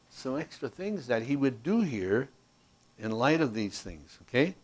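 Male Bible teacher explaining scripture. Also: medium pitch. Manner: explanatory, checks in with frequent "okay?"; reads scripture aloud with rising emphasis. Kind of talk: verse-by-verse Bible study teaching.

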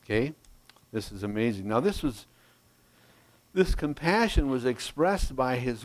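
A man preaching a sermon, teaching verse by verse in a slow, emphatic way and checking in with "Okay?". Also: mid-range voice, expressive, rough recording. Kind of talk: expository sermon.

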